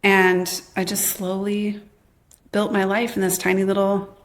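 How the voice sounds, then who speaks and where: A woman in her thirties, a memoir author appearing as a podcast guest, candidly recounts her own life story. She speaks at a measured pace with a medium pitch, breaking into lively bursts when she quotes her past self and using "like" a lot.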